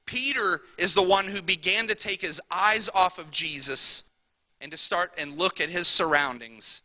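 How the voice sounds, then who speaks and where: A pastor, a man, delivers a sermon with a very bright, cutting tone and a voice a bit higher than most men's. He talks to the congregation casually, tossing in "right?" and dropping to quiet asides before pushing back up to loud emphasis. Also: normal speed, dry recording, rough recording. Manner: conversational preaching, repeats "right?", swings from soft asides to loud emphasis.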